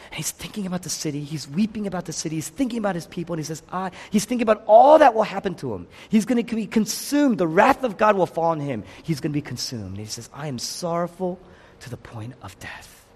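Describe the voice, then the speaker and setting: A man preaching a sermon with passion, rising to outcries and sinking to hushed, near-whispered lines. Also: high voice, big pitch swings, fast, few pauses, big-room sound, a little hiss or hum. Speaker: pastor.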